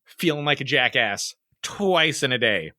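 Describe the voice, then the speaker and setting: A young adult man co-hosting a podcast, telling stories in a casual, animated way and acting out the voices in them. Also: mid-range voice, measured pace, dry recording, clean studio sound. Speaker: podcast co-host. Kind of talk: casual storytelling chat.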